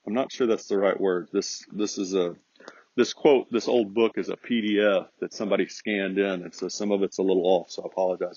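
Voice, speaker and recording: A man's voice: low voice, steady tone, a little fast, a little mellow, slightly rough, dry recording. A man hosting a podcast, speaking in an earnest, preachy, emphatic monologue. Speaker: podcast host. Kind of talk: casual monologue. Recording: dull, lo-fi.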